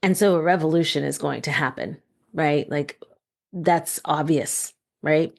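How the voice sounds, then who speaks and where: A woman's voice: low voice, steady tone, a little slow, creaky, a little mellow. A woman from the United States hosting a podcast, chatting casually with her son, encouraging him with open questions and frequent affirming murmurs. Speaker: podcast host and mother.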